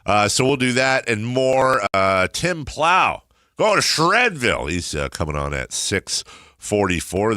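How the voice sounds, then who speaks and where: Sports radio host, man, low voice that swings up and down, bright and dry, rambling banter. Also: clean tone, dry recording. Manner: rambling, animated storytelling. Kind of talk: casual on-air banter. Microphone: studio microphone.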